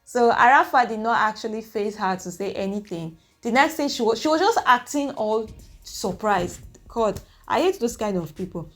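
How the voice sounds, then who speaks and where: A young woman, recapping events to her viewers in an animated, opinionated way. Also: fairly high pitch, normal speed, faint music behind. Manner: animated, opinionated retelling with acted quotes. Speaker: reaction vlogger. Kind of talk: casual recap talking to viewers.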